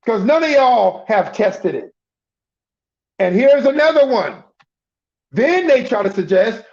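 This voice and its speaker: High-voiced preacher man, lo-fi. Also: expressive, measured pace, a little mellow. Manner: emphatic, repeats himself and restarts words. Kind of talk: conversational sermon.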